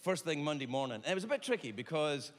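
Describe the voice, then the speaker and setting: A Scottish man doing stand-up storytelling in an animated, confessional, exaggerated way. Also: fairly high pitch, quick pace, background noise. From Scotland. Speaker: stand-up comedian. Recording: long hall reverb, faint ambience.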